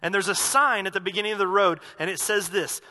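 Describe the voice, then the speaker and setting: A male pastor preaching a sermon in a conversational way, with asides and self-corrections, slowing down to stress key phrases. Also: high voice, fairly even intonation, pushed and bright. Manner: slows down for emphasis on key phrases.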